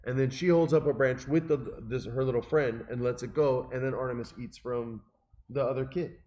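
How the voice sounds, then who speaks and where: A middle-aged man casually telling an emotional, animated story and quoting the people in it. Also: mid-range voice, a little fast, muffled recording. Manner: animated, emotional, quotes people in his stories.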